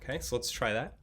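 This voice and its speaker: A young man teaching a beginner oboe lesson, patient and encouraging, often pausing with fillers and restarting his sentences. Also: mid-range voice, breathy edge. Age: young adult. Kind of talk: instructional video lesson.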